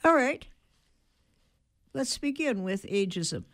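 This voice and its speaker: A woman hosting a radio talk show, giving brisk, opinionated commentary and introducing her guest. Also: on the high side, big pitch swings.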